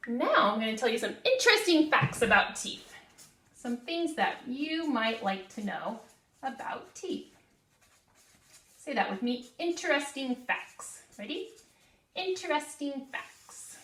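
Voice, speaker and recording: A woman's voice: a little high, big pitch swings, bright, forceful tone, slight background noise. A woman giving a lesson to first graders, drawing out her words and having the class repeat after her. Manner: slow, drawn-out, call-and-repeat teaching. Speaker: guest teacher. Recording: echoey room, voice from a distance.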